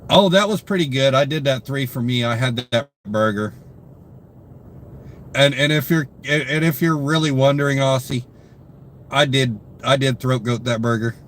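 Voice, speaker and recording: A man's voice: medium pitch, normal speed, a bit bright, slight background noise. A tired young man hosting a casual live stream, greeting viewers by name and chatting with lots of fillers. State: tired, yawning. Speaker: livestream host. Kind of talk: casual live-stream chat reading comments.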